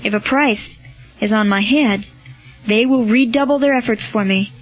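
A calm, commanding soldier of faith speaks with quiet resolve, read by a woman. The voice sits fairly high. The recording is dull and lo-fi with faint music under it. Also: normal speed. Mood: reflective. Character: steadfast, commanding male Christian soldier.

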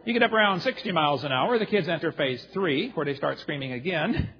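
A man's voice: a little high, expressive, brisk, long reverb tail, noisy background. A man giving a humorous lecture to a live audience, telling stories and throwing jokes and asides at the crowd. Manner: jokey storyteller with audience asides. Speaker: seminar speaker. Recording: dull lo-fi recording.

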